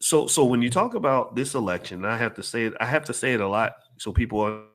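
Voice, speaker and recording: A man's voice: mid-range voice, expressive, quick pace. A man speaks to a live audience in a fervent, emphatic way. His mid-range voice rises and falls a great deal as he drives each point home. He repeats phrases and keeps checking whether the crowd understands him. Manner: emphatic and repetitive, asks the crowd if they follow. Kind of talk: impassioned speech.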